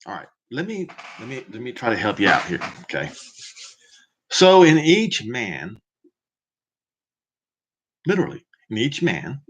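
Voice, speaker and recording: A man's voice: mid-range voice, huge pitch swings, a little slow, pauses often, a little hiss or hum. A man teaching scripture in a preaching manner, emphatic and fond of rhetorical questions to the listener. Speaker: Bible teacher. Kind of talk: preaching Bible commentary.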